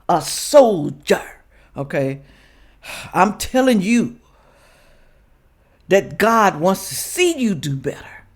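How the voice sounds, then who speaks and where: A woman's voice: fairly low pitch, sing-song, slow, pauses often, breathy edge. A woman hosting a reaction vlog, preaching emphatically to viewers and sniffly from sinus trouble. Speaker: reaction channel host. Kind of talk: casual direct-to-camera commentary.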